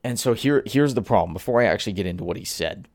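A man hosting a solo commentary podcast rants in an exasperated way, swearing at his target. His fairly low voice is animated and fast, and the recording is dry.

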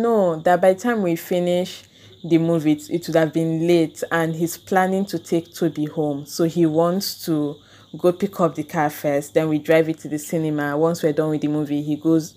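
A woman's voice: deep voice, darkish tone. A young woman, telling a personal story on a podcast and acting out the argument in quoted voices. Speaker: podcast host. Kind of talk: casual storytelling monologue.

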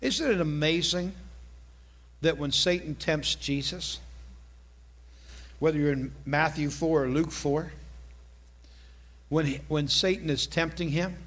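A man's voice: on the high side, unhurried, pauses often, fairly bright tone. A man delivers a sermon. He talks in a loose, conversational way, cracking jokes and asking the crowd if they follow along. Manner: conversational, jokey, asks the congregation questions. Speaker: preacher.

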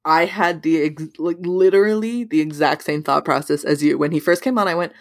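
Animated woman in casual movie chat. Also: a little fast, no echo, studio quality. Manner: animated, pitch leaps on quoted thoughts, many "like" fillers. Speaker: podcast co-host.

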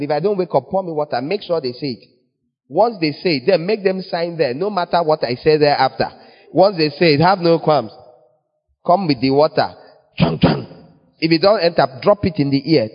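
A fairly high-voiced man preaching a playful, teasing sermon with sudden leaps in pitch. His voice rings with a long church reverb and comes through with a dull, lo-fi sound.

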